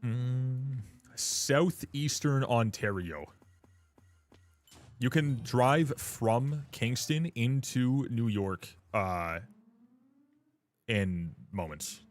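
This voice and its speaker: A man's voice: mid-range voice, animated, drawn-out words, long pauses. A man chatting loosely on a live stream. He swears freely, laughs often and keeps calling people dude and brother. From Canada. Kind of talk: casual live-stream chat.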